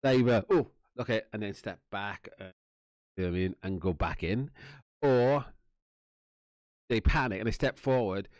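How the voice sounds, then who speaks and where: A man's voice: on the low side, moderate pace, long pauses, a little mellow, no echo. A Welsh man telling a long personal story in a casual, rambling way, swearing often, laughing and acting out the other people's lines. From Wales. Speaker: channel host telling a story.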